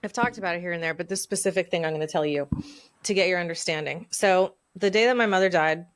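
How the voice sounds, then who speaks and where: Woman host, forties, smooth clear voice, candid and reflective, dry close recording. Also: on the low side, dry recording. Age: 40s. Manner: candid, reflective, speeds up and slows down. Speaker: podcast host. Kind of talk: personal storytelling in a conversation.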